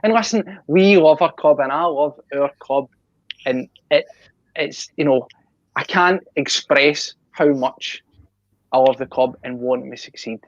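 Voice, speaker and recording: A man's voice: a little high, a little slow, no echo, muffled recording. A Scottish man on a podcast talking passionately, swearing and laughing in casual chat. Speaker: podcast co-host.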